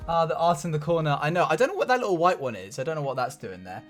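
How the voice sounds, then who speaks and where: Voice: mid-range voice, sing-song, rapid-fire, faint music behind. Giggly streamer greeting chat. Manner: giggly, greets chatters one by one. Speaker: livestreamer. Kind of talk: casual live-stream chat. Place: home room.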